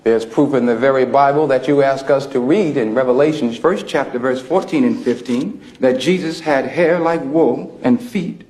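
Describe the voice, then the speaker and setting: An actor playing a composed young minister who argues in a measured, preaching cadence. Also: male voice, medium pitch, a little mellow, lightly acted. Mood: calmly defiant. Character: composed young male minister debating a prison chaplain.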